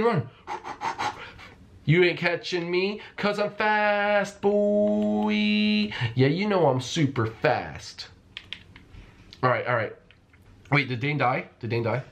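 Young male gaming YouTuber, low-ish voice, animated swings, playful hype commentary, slight background hiss. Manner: playful, hypes himself up, repeats phrases, talks to viewers as folks. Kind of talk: excited Minecraft let's-play commentary.

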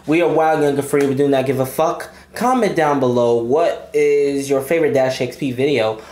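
A woman's voice: extremely low pitch, normal speed, warm tone, echoey room. A woman doing casual reaction commentary, talking in a profane, talkative way. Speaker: reaction youtuber.

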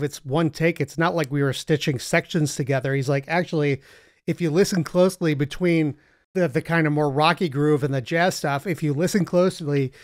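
A man hosts a casual music podcast conversation, slipping into animated voices when he quotes people. His voice sits fairly high for a man. The recording is close and dry. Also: no echo. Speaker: podcast host. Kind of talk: casual chat.

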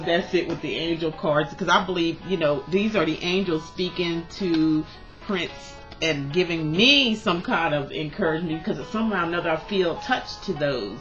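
A woman's voice: lowish voice, moderate pace, fairly bright tone, lo-fi sound, soft background music. Passionate rambling woman tarot reader. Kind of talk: tarot reading vlog.

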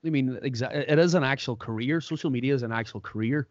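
A man's voice: medium pitch, fast, no room sound. Irish guy on a podcast, chatty storyteller, dry dull-sounding mic. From Ireland. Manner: animated storyteller, acts out quotes. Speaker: podcast host. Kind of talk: casual chat.

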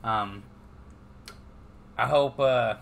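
A man's voice: medium pitch, extremely slow, vocal fry, a little hiss or hum. A man from California, a podcast co-host, talking in casual chat in a slangy, emphatic way, often tossing in "man". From Stockton, California. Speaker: podcast co-host, MMA betting picks.

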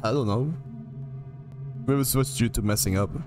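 A man streaming a video game live, chatting excitably to his viewers with lots of laughs and stumbling restarts. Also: medium pitch, moderate pace. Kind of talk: livestream gaming commentary. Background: game music.

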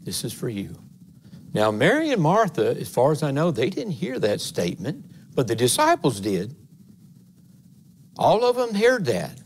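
A man's voice: on the high side, wildly swooping pitch, moderate pace, pauses often, slight background noise. A man, an assistant pastor giving a conversational sermon in a church, earnest and folksy, rising to emphatic passages. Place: church sanctuary.

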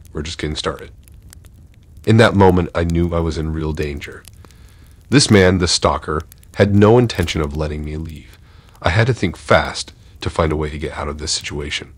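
Brief: male narrator for scripted horror stories, extremely low voice with a husky edge, measured and tense.

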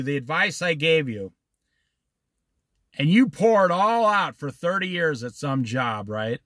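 A man's voice: high voice, no room sound, clean studio sound. A middle-aged man leading an informal Bible study, telling stories in a folksy, emphatic way. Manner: folksy, animated storytelling with emphatic slow stresses.

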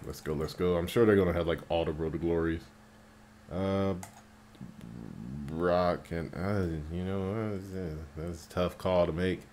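A man casually commentating his mobile game as he plays, getting excited and swearing at the game when it annoys him. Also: deep voice, a little slow, a little hiss or hum. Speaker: mobile game player narrating gameplay.

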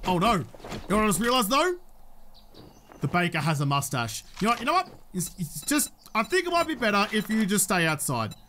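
Bright-voiced Australian man, joking gameplay chatter. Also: sits high, very animated, brisk, slight background noise. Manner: jokey, chatty, talks to a game companion. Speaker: gaming YouTuber. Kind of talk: let's play commentary.

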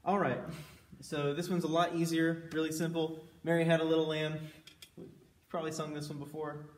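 A man leading a children's music session, playful and animated, singing and whooping with the kids. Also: a little high, normal speed, echoey room, recorded from a distance, a little hiss or hum. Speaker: children's library music leader. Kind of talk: children's sing-along lesson. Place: library room.

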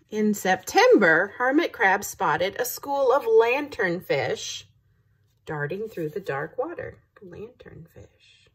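Breathy woman reading a picture book. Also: medium pitch, big pitch swings, slow pace. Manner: engaging, asks the listeners questions. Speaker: teacher reading to children.

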